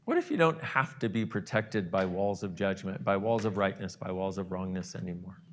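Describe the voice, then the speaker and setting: A man's voice: low voice, moderate pace, slight background noise. A man speaking as a self-help host, leading listeners through an imagined morning and voicing their inner reactions with gasps and exclamations. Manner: animated, acts out inner voices with gasps and exclamations. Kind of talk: guided visualization talk.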